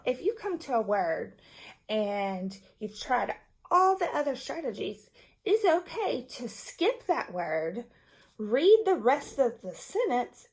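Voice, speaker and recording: A woman teacher patiently explaining reading strategies to young children and their parents. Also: fairly high pitch. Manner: slow, patient, demonstrative explanation.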